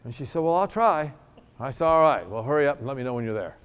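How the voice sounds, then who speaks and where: Racing along in a smooth, mid-range voice, a middle-aged preacher from New York tells a healing story during his sermon. He jokes throughout, stays animated, and performs both halves of the exchange himself.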